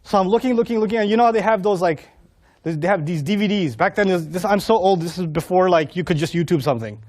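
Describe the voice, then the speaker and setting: A middle-aged man speaker telling a humorous, self-mocking story in an animated way, acting out the voices of other people. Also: high-pitched, fast talker. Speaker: Islamic speaker.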